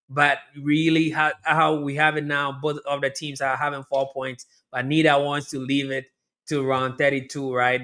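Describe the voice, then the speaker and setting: A man's voice: mid-range voice, clear, resonant tone. A man hosting a live watch-along, chatting through the match and talking straight to his viewers. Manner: chatty, talks to viewers directly, repeats himself; erupts into loud excited shouting at near misses. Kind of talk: live match reaction commentary.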